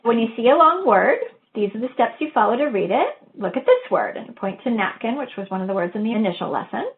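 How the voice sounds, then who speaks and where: A woman's voice: medium pitch, expressive, a little fast. Woman lecturing over tinny phone-like audio. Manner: methodical, walks through steps and models teacher talk. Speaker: webinar presenter on reading instruction. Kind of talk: explanatory lecture. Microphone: webinar audio.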